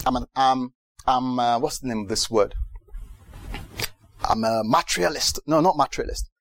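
A man from Britain preaching a sermon in a lively way, often asking the audience if they understand. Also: mid-range voice, normal speed, pauses often, no room sound. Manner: lively, mimics other preachers, asks the audience questions.

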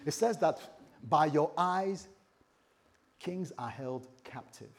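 A man's voice: on the high side, lively intonation, takes it slowly, a crowd in the background. A man preaching a sermon, joking with a laughing congregation and leading them in prayer. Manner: playful, jokes with the congregation. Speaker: pastor.

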